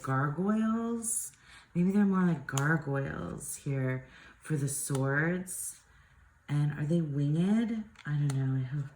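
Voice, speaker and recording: A woman's voice: low-pitched, mellow, echoey room, a little hiss or hum. A woman chatting casually as she shows off tarot decks, rambling with lots of likes and ums and small giggles. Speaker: tarot youtuber.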